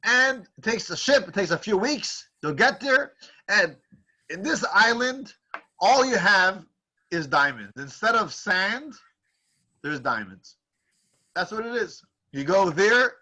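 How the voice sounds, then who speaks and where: High, bright, husky storytelling man. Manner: animated storyteller with many restarts. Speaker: teacher. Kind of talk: storytelling lecture.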